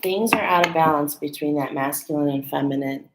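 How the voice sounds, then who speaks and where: Female card reader, low pitch, casual and chatty, keeps checking in with listeners. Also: brisk, very noisy. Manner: warm, chatty, with fillers like "okay?" and "right?"; emotional, laughing and near tears at times. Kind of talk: casual live card reading.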